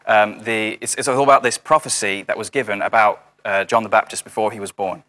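A man's voice: on the low side, steady tone, fairly quick, pushed and bright. A young man giving an informal sermon over a video call, chatty, with many fillers and dry jokey asides. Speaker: house church speaker.

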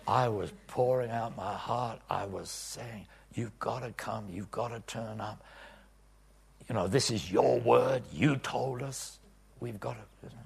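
A man preaching a testimony in a sermon, swinging from hushed whispers to loud cries. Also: fairly low pitch, creaky, slightly rough. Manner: dramatic swings from whispers to shouts.

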